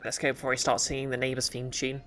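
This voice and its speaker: A woman's voice: rumbling low, monotone, quick pace, fairly bright tone, faint music behind. A woman streaming a game, chatting casually and rambling with lots of fillers.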